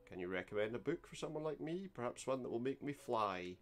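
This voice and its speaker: A man's voice: medium pitch, expressive, fairly quick, natural voice. A man doing a pompous occult shopkeeper. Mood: grandiose. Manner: grandiose, archaic and self-important.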